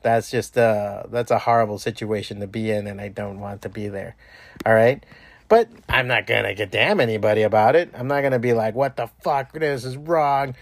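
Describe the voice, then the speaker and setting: A man's voice: fairly low pitch, fairly even intonation, a little fast, gravelly, dry recording. A man hosting a podcast from home, talking in a loose, profane, rambling way with many restarts. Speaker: podcast host. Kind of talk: casual rambling monologue.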